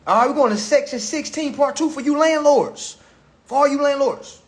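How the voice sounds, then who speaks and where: Speaking at a moderate pace in a very high-pitched voice, a man hosts a livestream from his phone. He lectures crudely and mockingly, repeating himself throughout the casual rant.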